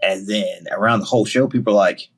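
A man with a Southern US accent, a podcast guest telling stories in casual chat, animated and acting out other people's lines. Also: fairly low pitch, breathy edge. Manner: animated, quotes himself and others in quick bursts.

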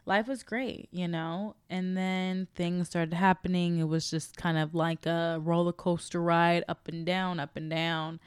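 A woman's voice: deep voice, smooth, no room sound. A young adult woman hosting a podcast, telling a personal story in a chatty, slangy way and speaking straight to her listeners. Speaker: podcast host. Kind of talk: casual motivational storytelling.

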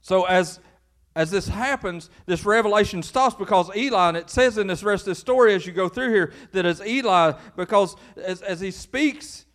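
A Kentucky pastor with a country twang preaching a Sunday sermon in church. His voice sits high for a man, and he keeps things folksy and joking. His delivery is lively and animated. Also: normal speed.

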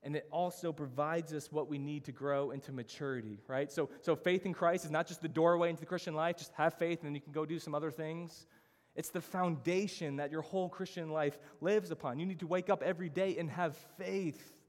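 In a church hall with long reverb, a man on the high side of the range preaches as pastor, brisk and with a steady tone. He delivers his sermon earnestly and emphatically, moving through points in list form.

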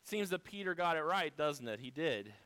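Male pastor delivering a sermon, high and smooth voice, emphatic, fond of rhetorical questions. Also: big pitch swings, normal speed, sharp tone, rough recording.

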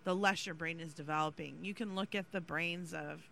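A man's voice: on the high side, fairly even intonation, fairly quick, vocal fry, pushed and bright, slight background noise. A man co-hosting a podcast, explaining social issues in an earnest, blunt casual chat. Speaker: podcast co-host.

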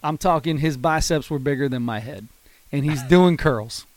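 Podcast guy in his 30s telling a goofy story, kinda high voice, dry close mic. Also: moderate pace, no echo. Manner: animated storyteller, laughs hard at his own story. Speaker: podcast co-host. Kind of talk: casual chat, storytelling.

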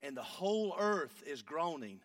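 A man's voice: on the high side, big pitch swings, moderate pace, dry recording, distant mic. Man preaching off-mic. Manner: builds from hushed storytelling to shouting. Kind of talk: sermon with a story.

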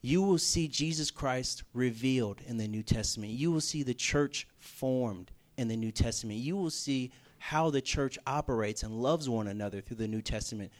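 Young male preacher, animated storyteller, swings between hushed and loud emphasis. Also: mid-range voice, moderate pace, hardly any pauses. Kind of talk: storytelling sermon.

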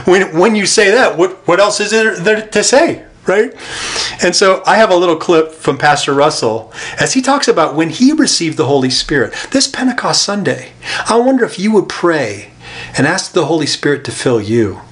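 A man's voice: on the high side, animated, moderate pace, fairly bright tone. A man preaching a sermon in a conversational way, with rhetorical questions. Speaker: pastor.

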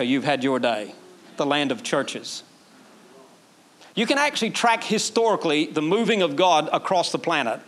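A man. He is animated and lifts his voice sharply when he acts out quoted prayers. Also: on the high side. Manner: animated preaching, acting out quoted prayers in a raised voice. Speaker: pastor. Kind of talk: sermon.

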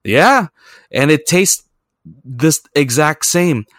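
A man's voice: on the high side, expressive, takes it slowly, fairly bright tone, no echo, clean studio sound. A man hosting a podcast, telling travel stories in a rambling, profane, self-mocking way. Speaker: podcast host. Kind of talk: casual storytelling chat.

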